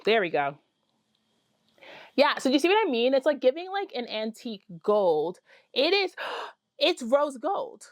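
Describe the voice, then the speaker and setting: A woman vlogging about her spinning project in a casual, excitable way, full of fillers and little squeals of delight. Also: sits high, measured pace, pauses often, no echo, studio quality. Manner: excitable, gushing, apologizes for screaming; chatty with many fillers. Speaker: fiber arts vlogger. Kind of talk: casual chat to camera.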